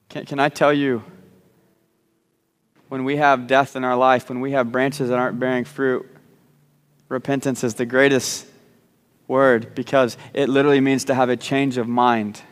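A man's voice: mid-range voice, clear, resonant tone, in a large hall. A man preaching a sermon, repeating words as he starts sentences and slipping in joking asides. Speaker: pastor. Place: church sanctuary.

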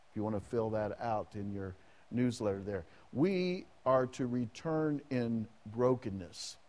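High-voiced, unhurried preaching man. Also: darkish tone. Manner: dramatizes characters' prayers in first person; asks the congregation questions. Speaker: pastor. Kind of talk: sermon.

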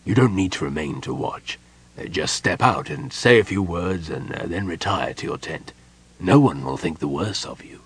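A calm, unyielding elf general who speaks slowly and deliberately, pausing with small hesitations, as a man reads him in an audiobook. His voice drops well below the narrator's usual pitch and sounds husky. He stays quiet rather than loud. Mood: soothing. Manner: measured, deliberate, with soft hesitations. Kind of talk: audiobook character reading.

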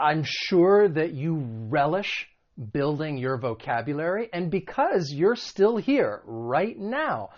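Man teaching vocabulary, muffled sound. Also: on the high side. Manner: friendly, explanatory, asks the viewer questions. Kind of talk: video lesson.

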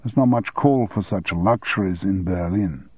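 A man reading an audiobook, voicing a calm German garage mechanic who speaks dryly and without hurry. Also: low voice, slightly rough, dry recording, muffled recording. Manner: dry, unhurried, unmoved. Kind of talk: audiobook character voice.

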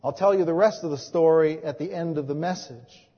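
A man's voice: fairly high pitch, a little fast. A man preaching a sermon, telling earnest stories and acting out the dialogue. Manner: earnest storytelling, acts out quoted dialogue. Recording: dull lo-fi audio with long hall reverb.

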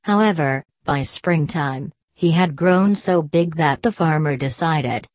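A woman narrating a fairy tale as scripted storybook narration, in a measured, gentle reading. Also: deep voice.

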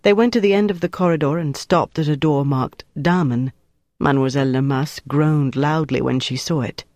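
An audiobook narrator reading a thriller in an even, steady way. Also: mid-range voice, moderate pace, no room sound, clean studio sound. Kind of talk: scripted narration.

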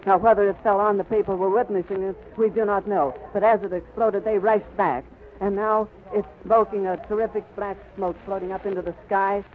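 A man's voice: sits high, fairly even intonation, brisk. A man giving a live, vivid on-the-spot radio report from an airfield. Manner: vivid, flowing description. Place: outdoors on an airfield. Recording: crackly 1930s radio recording, phone-like band.

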